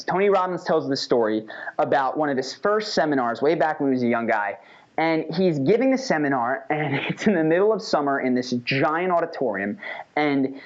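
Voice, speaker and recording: A man teaching a casual lesson in an animated, conversational way, often checking in with "right?". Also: on the high side. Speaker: instructor. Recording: dull lo-fi recording.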